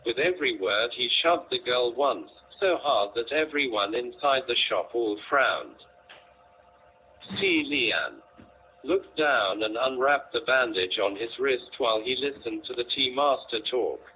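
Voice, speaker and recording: A man reads a novel aloud in scripted narration, slow and measured. The sound is thin and phone-like, with a faint hiss beneath it. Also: mid-range voice, lively intonation. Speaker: audiobook narrator. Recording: tinny, lo-fi, faint noise.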